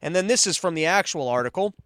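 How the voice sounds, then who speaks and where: A man's voice: high voice, animated, fast, fairly bright tone, smooth, no room sound. A man hosting a podcast, giving rambling, mocking political commentary full of sarcastic asides. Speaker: podcast host.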